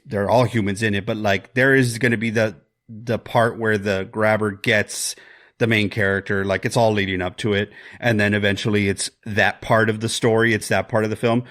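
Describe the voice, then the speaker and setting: A man co-hosting a podcast, talking through a horror film in a rambling, animated way with jokes and swearing. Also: lowish voice. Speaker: podcast co-host. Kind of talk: casual film discussion.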